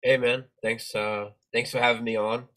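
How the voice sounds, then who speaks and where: A man's voice: mid-range voice, level tone, moderate pace, bright, forceful tone, rough recording. A male guest on a livestream, speaking earnestly and steadily in tribute to a friend.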